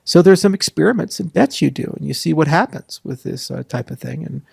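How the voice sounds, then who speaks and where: A man answers interview questions in a gravelly, husky voice, running through lists and dropping sarcastic asides. The sound is dry and close, with no room around it, and his pitch sits in the middle. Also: expressive, darkish tone, no echo. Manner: rambling, sarcastic asides, lists points quickly. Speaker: interview guest. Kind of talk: casual interview talk.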